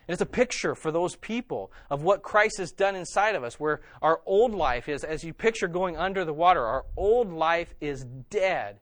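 A man's voice: on the high side, expressive, moderate pace, hardly any pauses, dry recording. Conversational male pastor preaching, dry sound. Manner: conversational preaching, frequent "okay?" check-ins. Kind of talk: sermon.

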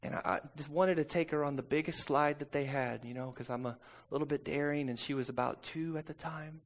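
A man preaching a sermon, telling a personal story and calling out to the congregation for responses, moving from quiet talk to shouting. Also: on the high side, brisk. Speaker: pastor.

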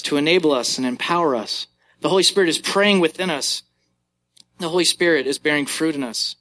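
Male pastor, 30s, sermon voice, on the higher side, easygoing storytelling. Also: a bit bright. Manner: conversational preaching with anecdotes.

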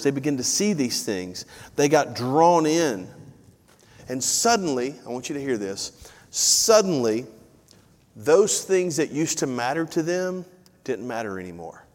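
A man preaching a sermon as pastor, chatty and joking, repeating key phrases for emphasis. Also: mid-range voice. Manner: conversational preaching with self-deprecating asides and repeated phrases. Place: church sanctuary. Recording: live church audio with long hall reverb.

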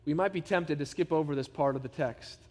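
A pastor with a high male voice delivers a sermon. He speaks in an earnest, emphatic way and keeps drawing the congregation in with rhetorical questions. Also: fairly quick, long reverb tail.

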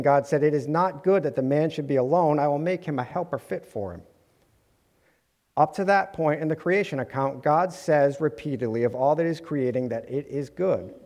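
A man's voice: on the high side, darkish tone. A man delivering an earnest sermon to his congregation, with light humorous asides. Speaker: preacher. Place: church sanctuary. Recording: long hall reverb.

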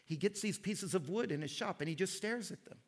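A man giving a sermon lecture, telling stories and reading quotes with lively emphasis. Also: sits high, fairly quick. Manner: animated storytelling, reads quotes with emphasis. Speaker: pastor.

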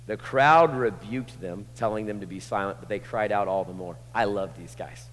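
A man preaching a sermon, moving from hushed, intimate lines to passionate shouting. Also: on the low side, normal speed, hardly any pauses. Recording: long hall reverb.

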